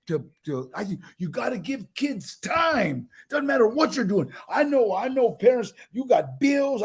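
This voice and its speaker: Older guy rambling thru stories, acts out the quotes, high-ish gravelly voice. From United States. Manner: animated storyteller with many restarts, acting out quoted voices. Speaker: interviewee. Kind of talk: casual interview storytelling.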